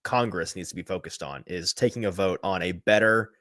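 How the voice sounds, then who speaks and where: A man hosting a casual sports podcast, his voice pitched low and recorded close and dry. He rambles through tangents with chuckling, self-deprecating asides and wraps up the show in an easygoing way. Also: brisk, a bit bright, no echo. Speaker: podcast host.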